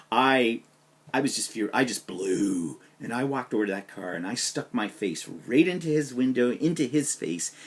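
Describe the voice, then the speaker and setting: A man vlogging to camera, telling a personal story in a casual, animated way and acting out the dialogue. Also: mid-range voice, husky. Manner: animated anecdote with quoted dialogue.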